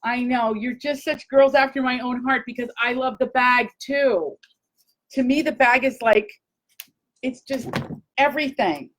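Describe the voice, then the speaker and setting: Gushing excitable woman host. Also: sits high, measured pace, low-quality recording. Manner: gushing, excitable, talks to viewers. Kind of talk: casual live chat.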